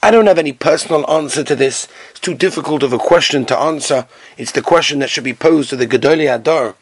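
A man's voice: fairly high pitch, fast, husky, no room sound. A man giving a rabbi's lecture in an earnest, emphatic storytelling style, sprinkled with Hebrew and Yiddish terms.

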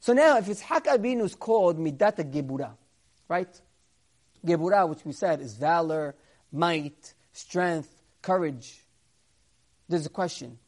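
A man leading a Torah class as a lively storyteller. He gets loud and high when he plays the people in his stories, then sinks to a soft, low voice to explain. He slows right down to lean on the words that matter. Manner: acts out quoted characters, rising louder and higher for them; drops to a quiet, low aside when explaining. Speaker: Torah teacher.

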